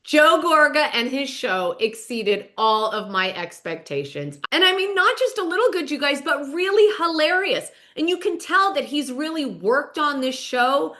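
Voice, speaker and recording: A woman's voice: high-pitched, bright, forceful tone. A middle-aged woman hosting a podcast, telling a story in a chatty, emphatic way and often calling out to her listeners. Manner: chatty, emphatic, addresses listeners as "you guys". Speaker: podcast host. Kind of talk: casual storytelling commentary.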